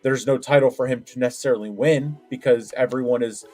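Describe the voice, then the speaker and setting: A man's voice: medium pitch, steady tone, brisk, dark tone. Hesitant man co-hosting a wrestling podcast. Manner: hesitant, many fillers and restarts. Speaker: podcast co-host. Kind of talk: casual wrestling chat.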